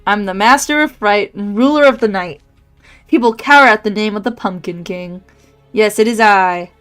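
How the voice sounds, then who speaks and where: A woman's voice: medium pitch, moderate pace, a bit bright, smooth, faint music behind, natural voice. A woman reading out the lines of a theatrical male skeleton king from a game. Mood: grandiose. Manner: reading game dialogue aloud.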